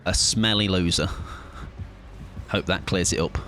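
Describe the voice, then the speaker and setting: A young man streaming a game live, rambling and joking with his viewers, laughing often and breaking into excited outbursts. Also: deep voice, unhurried, faint music behind. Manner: rambling, jokey, chats to viewers while playing. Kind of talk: live gameplay commentary with chat.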